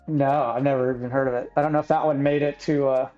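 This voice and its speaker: A man from Texas chatting casually on a live stream, laid-back and clearing his throat often. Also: mid-range voice, level tone, quick pace, soft background music. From Texas, United States. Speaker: stream regular and chat moderator. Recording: slightly dull lo-fi audio.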